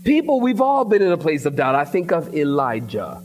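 A pastor from the preaching a sermon in church, telling a story in a lively way and calling out to his congregation. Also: a little high, normal speed, slight background noise. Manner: storytelling preacher, animated, addresses congregation directly. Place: church sanctuary.

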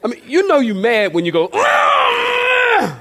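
Guy preaching a sermon, highish voice, asks the crowd stuff, gets loud and animated. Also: fast. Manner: animated preaching with direct questions to the congregation; shouted cartoonish outbursts for emphasis. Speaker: pastor.

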